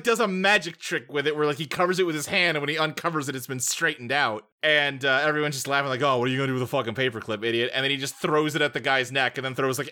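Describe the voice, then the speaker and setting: A man's voice: fairly high pitch, sharp tone. A man co-hosting a casual podcast, recounting film scenes in detail and chuckling often. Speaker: podcast co-host. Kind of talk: casual movie recap chat.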